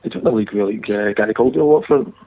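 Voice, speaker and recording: A man's voice: lowish voice, quick pace. A man calling a football phone-in, answering in short, offhand bits. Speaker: caller. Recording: tinny phone line from a distance.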